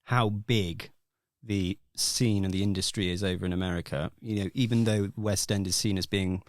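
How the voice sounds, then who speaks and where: Posh English man, deep and dry. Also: steady tone, normal speed, no echo. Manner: talkative, thinking aloud. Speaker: podcast co-host. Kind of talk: casual chat.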